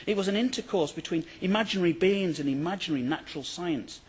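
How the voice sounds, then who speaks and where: A male university lecturer reading out a prepared academic paper in a formal, measured way, with the odd dry aside. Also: sits high, breathy edge.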